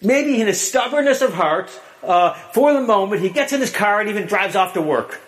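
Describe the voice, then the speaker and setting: A man preaching a sermon, telling a story with dramatic drops to a hush. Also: lively intonation, normal speed. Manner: storytelling, dramatic swings from booming to hushed.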